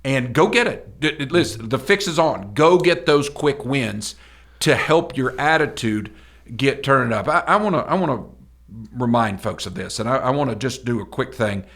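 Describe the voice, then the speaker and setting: A man's voice: medium pitch, animated, moderate pace, a bit bright. A middle-aged man co-hosting a motivational podcast, talking in a folksy, emphatic, preacher-like way. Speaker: podcast co-host.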